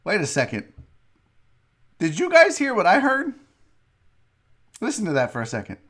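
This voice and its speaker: A man's voice: sits high, wildly swooping pitch, normal speed, noisy background. A man hosting a casual live-stream show, ranting with profanity while a bit tipsy from drinking. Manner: profane, rambling rants. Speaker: show host.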